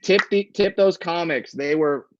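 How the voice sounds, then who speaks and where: A man's voice: a little high, measured pace, background noise. A man, a stand-up comedian, chatting casually as a guest, laughing often and rambling with restarts, heard over a lo-fi video call. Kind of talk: casual chat. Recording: dull lo-fi call audio.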